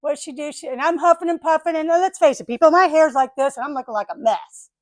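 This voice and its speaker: An older woman chatting casually on her vlog, telling a story in an animated way and acting out the voices of the people and animals in it. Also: sits high, quick pace, dry recording. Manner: animated, acts out voices of dogs and neighbors. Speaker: vlogger.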